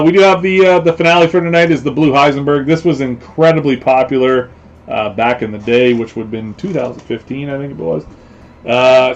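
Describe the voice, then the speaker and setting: A man's voice: fairly high pitch, lo-fi sound. A man hosting a casual live stream, rambling along with lots of fillers and repeated phrases. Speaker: host.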